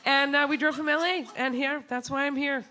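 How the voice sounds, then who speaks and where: A woman telling a funny personal story on stage to an audience. She talks in an animated way, laughs often, and acts out the people she quotes. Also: high voice, brisk, very noisy. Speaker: comedian and show host. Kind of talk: live comic storytelling to an audience.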